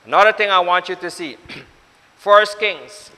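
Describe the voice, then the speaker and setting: Bright-voiced pastor preaching in a hall. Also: male voice, high-pitched, measured pace. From Suriname. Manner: repetitive, exhorting, addresses congregation directly. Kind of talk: sermon. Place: church.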